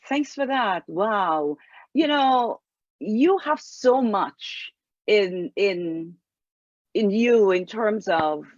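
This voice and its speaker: A woman host asking careful, deliberate interview questions. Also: medium pitch, no echo. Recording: dull lo-fi sound.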